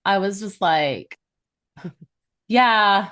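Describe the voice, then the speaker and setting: A woman in her forties, a podcast guest, telling a personal story in an animated way and laughing often. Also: on the low side, moderate pace. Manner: animated, laughs often, acts out quoted voices.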